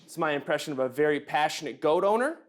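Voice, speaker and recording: A man's voice: on the high side, animated, fast talker, crowd noise. Dry, self-deprecating young male comedian. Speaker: stand-up comedian. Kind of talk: stand-up comedy set.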